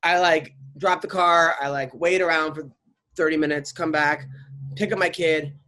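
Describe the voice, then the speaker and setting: Middle-aged guy hosting a podcast, kinda high voice, keeps tripping over his words and cussing as he rambles on. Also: steady tone, normal speed, bright, forceful tone. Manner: rambling storyteller, stammers and restarts, swears freely. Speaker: podcast host. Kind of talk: casual chat.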